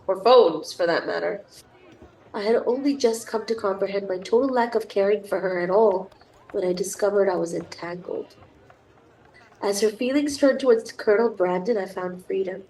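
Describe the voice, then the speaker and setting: A woman's voice: medium pitch, a little mellow, a little hiss or hum, rough recording. A young woman with a cold, streaming a dating sim and reading its text aloud with chatty, gushing asides. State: has a cold. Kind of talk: reading game text aloud with casual commentary.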